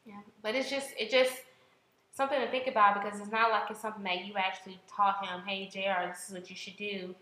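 A woman's voice: medium pitch, little pitch movement, brisk, bright, forceful tone, reverberant, low-quality recording. A young woman co-hosting a casual chat, talking at length with many fillers and restarts. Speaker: podcast co-host.

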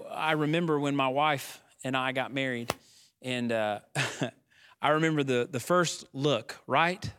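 A young adult man preaching a sermon as pastor, building to emphatic declarations and stretching key phrases slowly. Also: mid-range voice, a bit bright, smooth, no echo, studio quality.

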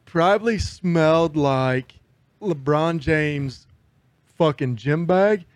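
A man's voice: fairly high pitch, slow, no room sound. A man co-hosting a podcast, telling loose, profane stories in casual chat. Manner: loose, profane storyteller, lots of fillers. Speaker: podcast co-host.

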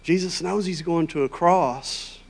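A man preaching a sermon in a conversational, emphatic way, rising to loud, high peaks. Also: measured pace, gravelly. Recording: long hall reverb.

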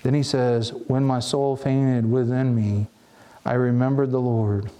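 A man's voice: medium pitch, flat delivery, a little slow, mellow. Earnest man preaching a reflective sermon. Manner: earnest, reflective, with frequent restarts.

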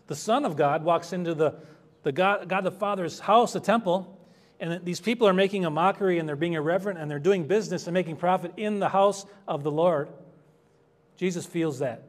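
A man preaching an expository sermon as pastor, earnest and conversational, rising in emphasis on key points. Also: high-pitched. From United States.

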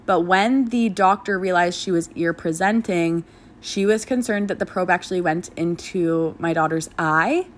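A young woman candidly telling her own birth story in a casual, frank way, swearing freely and jumping into animated voices for the people she quotes. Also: on the low side, normal speed, a little hiss or hum.

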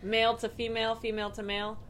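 A young woman talks on a casual podcast with a blunt, teasing edge and swears freely. Her voice sits a little high. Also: monotone, fast, fairly bright tone, slight background noise. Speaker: podcast co-host. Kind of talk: casual chat.

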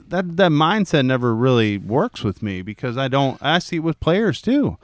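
A man in his thirties, a youth baseball coach, chatting casually and acting out conversations with lively voices. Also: medium pitch, normal speed, no echo. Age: 30s. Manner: animated, acts out quoted dialogue. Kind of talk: casual podcast chat.

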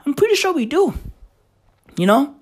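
A woman ranting loudly in a vlog. She swears constantly, and her voice is hoarse and cracking from shouting. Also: high voice, very animated, moderate pace. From South Africa. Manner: loud, shouty, swearing heavily. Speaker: vlogger. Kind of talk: profane vlog rant.

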